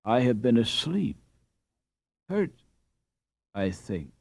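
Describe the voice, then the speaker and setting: A man voicing a weak, injured Dutch father waking from a long stupor, talking faintly and haltingly. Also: medium pitch, very animated, a little mellow, no echo, pitched above the performer's own voice.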